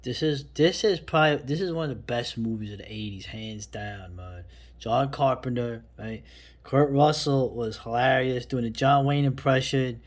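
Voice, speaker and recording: A man's voice: mid-range voice, normal speed. Rambling enthusiastic man talking movies. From New York City. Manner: rambling and enthusiastic, often trailing off into a soft mutter. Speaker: film vlogger. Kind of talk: casual movie talk.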